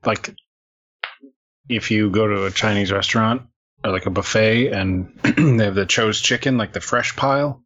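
A man with a low voice grumbles through his weekend story in a wry, casual way. His voice comes through a dull, lo-fi recording. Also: normal speed, a bit bright. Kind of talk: casual chat. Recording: dull, lo-fi sound.

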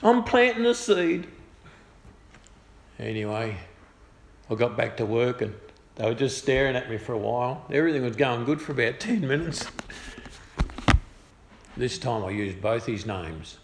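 A man's voice: mid-range voice, normal speed, pauses often. A middle-aged man with an Australian accent tells a personal story in a chatty, good-humoured way. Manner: chatty, good-humoured, lively voiced quotes. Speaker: speaker sharing a personal testimony. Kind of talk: casual storytelling. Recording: echoey room with faint ambience.

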